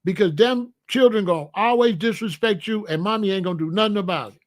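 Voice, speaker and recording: High-voiced man preaching about family. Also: quick pace. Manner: preachy, repetitive, emphatic advice to men. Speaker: host. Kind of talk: casual commentary monologue.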